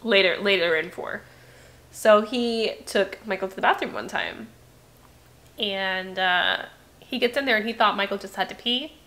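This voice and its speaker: A woman co-hosting a casual podcast, telling quick anecdotes with laughter and quoting others. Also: medium pitch, fairly bright tone. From Florida. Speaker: podcast co-host. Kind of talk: casual chat.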